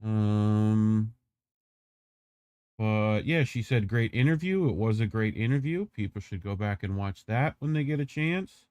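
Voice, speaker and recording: A man's voice: lowish voice, animated, measured pace, a little mellow, clean tone, no room sound. A man co-hosting an independent news livestream, talking in a chatty, loose way with lots of fillers. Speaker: news show co-host. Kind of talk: casual commentary on a livestream.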